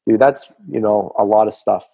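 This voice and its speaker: A middle-aged man speaks as a fitness coach on a podcast, with a mellow, slightly husky voice. He drives his points home emphatically and slips into quoted voices to act out arguments. The sound is close and dry. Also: lowish voice, moderate pace, no echo. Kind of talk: casual podcast conversation.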